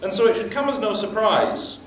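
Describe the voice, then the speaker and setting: High-voiced male preacher in an echoey hall. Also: brisk, far from the mic, a loud crowd. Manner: emphatic storytelling with religious phrases. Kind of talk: storytelling sermon.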